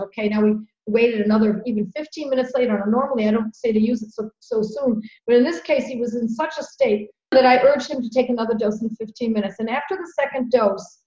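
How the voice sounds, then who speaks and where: A middle-aged woman hosting a podcast, telling a story in an earnest, animated way and repeating phrases for emphasis. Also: fairly high pitch. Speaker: podcast host. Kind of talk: conversational storytelling. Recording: roomy, dull lo-fi sound.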